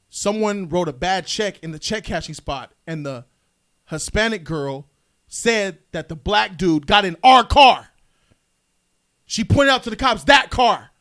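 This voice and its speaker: A man hosting a podcast, telling a story in casual chat and acting out the people in it. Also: a little high. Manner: animated storyteller, acts out quotes. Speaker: podcast host.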